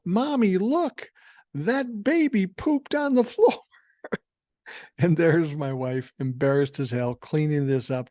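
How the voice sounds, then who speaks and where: An older man in his sixties from Minnesota tells family stories with a blunt, profane, wry humor. His voice sits at an ordinary middle pitch and sounds close and dry, with no room echo. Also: darkish tone. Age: 60s. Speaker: podcast host. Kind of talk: casual storytelling. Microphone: podcast microphone.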